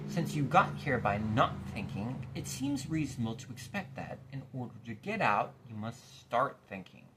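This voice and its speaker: A man voicing a gruff, impatient watchdog in a storybook reading, loud and scolding. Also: mid-range voice, very animated, normal speed, slight background noise. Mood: angry scolding.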